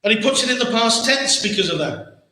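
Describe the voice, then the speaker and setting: Earnest preacher in a very echoey church. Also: male voice, very high voice, expressive, brisk, pushed and bright. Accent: English. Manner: earnest, rhetorical questions, repeats words. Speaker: pastor. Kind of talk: sermon. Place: church hall.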